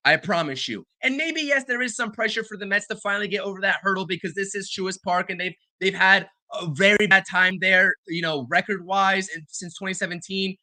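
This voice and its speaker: A man's voice: high voice, fairly quick, hardly any pauses, sharp tone, dry recording. A man co-hosting a sports talk show, arguing his point emphatically. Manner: emphatic, argumentative. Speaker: podcast co-host.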